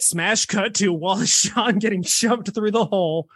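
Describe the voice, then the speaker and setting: A man's voice: high-pitched, quick pace, few pauses, dry recording, clean studio sound. A man co-hosting a casual podcast, animatedly recapping a film and acting out the characters' lines. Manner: animated storyteller acting out quotes. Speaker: podcast co-host.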